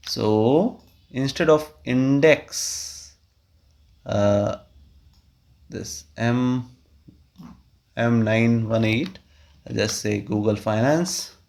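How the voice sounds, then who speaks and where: A man, explaining a spreadsheet tutorial step by step with frequent okays and uh fillers. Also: medium pitch. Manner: step-by-step, explains while clicking, frequent "okay" and "uh". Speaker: tutorial host. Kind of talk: screen-recorded software tutorial.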